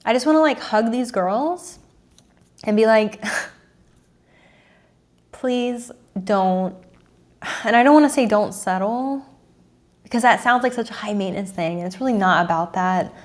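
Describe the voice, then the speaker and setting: A woman's voice: mid-range voice, quick pace. A woman in her thirties, a dating coach, talking earnestly and emotionally to camera, repeating herself and sighing.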